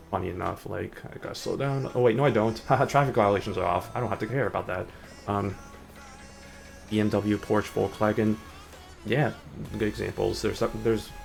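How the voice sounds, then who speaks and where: A young man with a deep, heavily gravelly voice, rambling casually through a gaming stream. He fills his talk with ums and likes, and soft music plays faintly behind him. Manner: rambling, filler-heavy, chatty. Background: faint background music.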